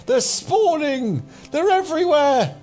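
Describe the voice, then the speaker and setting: A man voicing a haggard, dishevelled male street preacher who shouts warnings about devils, frantic and pleading. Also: extremely high pitch, big pitch swings, takes it slowly, soft background music, pitched above the performer's own voice, exaggerated voice.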